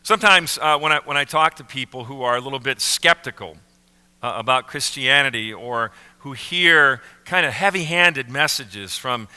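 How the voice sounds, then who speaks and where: Man, pastor, sermon, bright tense tone, smooth clear voice, echoing church. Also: mid-range voice. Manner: slow emphatic phrasing with pauses on key words. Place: church sanctuary. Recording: reverberant church sanctuary.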